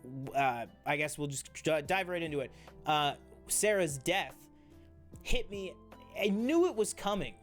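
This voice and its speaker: A man's voice: on the high side, expressive, unhurried, soft background music. A man co-hosting a casual TV review chat, enthusiastic and rambling, with many fillers and restarts. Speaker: co-host of a TV review show.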